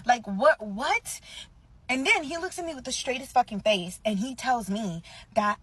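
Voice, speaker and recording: A woman in her twenties ranting through a storytime to her viewers, animated and profane. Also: on the high side, normal speed, low-quality recording. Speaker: vlogger. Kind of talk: casual storytime rant.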